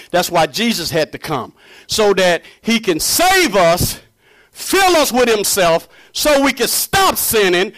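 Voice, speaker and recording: A man preaching a fervent sermon, swinging between booming shouts and low, hushed passages.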